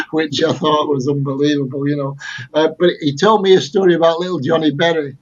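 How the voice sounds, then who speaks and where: A man's voice: fairly high pitch, steady tone, fairly quick, dull audio. A man speaking as a guest on a casual panel discussion, a chatty anecdote teller who often restarts his sentences. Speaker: guest, football author and historian.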